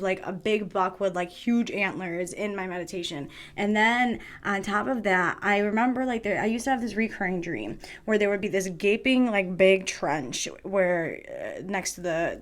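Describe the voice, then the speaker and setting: A woman hosting a podcast over a video call. She chats casually and tells stories in an excitable way, with the odd swear word. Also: medium pitch. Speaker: podcast host. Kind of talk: casual interview chat.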